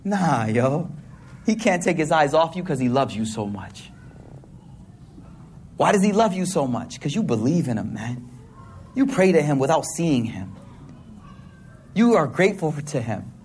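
A man's voice: a little high, a little slow, pauses often, slight background noise. A man giving a sermon to an audience in a hall, mixing casual slang with religious teaching and acting out voices. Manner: casual slang-filled preaching, animated voices. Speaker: preacher.

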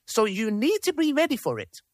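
A man's voice: very high voice, huge pitch swings, brisk, dry recording, clean studio sound. A man hosting a live group discussion, chatty, often checking in with his listeners and reading messages aloud with his own asides. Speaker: host of a discussion panel.

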